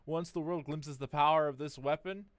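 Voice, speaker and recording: A man's voice: a little high, fairly even intonation, moderate pace, clean tone, no room sound, natural voice. A man reading the lines of a scheming male terrorist leader from a game, plainly, in his own voice. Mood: boastful. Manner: read aloud plainly with narrator tags.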